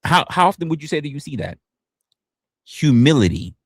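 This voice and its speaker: A man's voice: brisk, breathy edge, dry recording, clean studio sound. A man hosting a casual livestream, talking loosely and profanely and often stumbling and restarting his words. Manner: animated, swinging pitch up and down. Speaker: livestream host.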